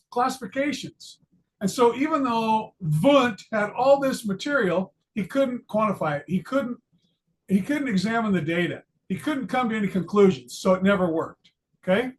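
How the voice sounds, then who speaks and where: A man's voice: high-pitched, fairly bright tone. An older retired man giving a casual psychology lesson, chatty and joking about himself, with many ums and restarts. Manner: chatty, self-deprecating, many fillers and restarts. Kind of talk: casual lecture video.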